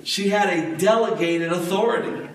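A man preaching a sermon, telling stories in a lively way and acting out the voices he quotes. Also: high voice, moderate pace. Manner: storytelling, animated, acts out quoted voices. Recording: echoey hall, mic at a distance.

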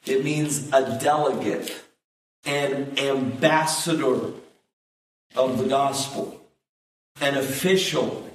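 A man's voice: medium pitch, takes it slowly, long pauses. Guy giving a sermon, tells stories and acts out the quotes, big echo, a bit away from the mic. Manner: storytelling, animated, acts out quoted voices. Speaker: preacher. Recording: echoey hall, mic at a distance.

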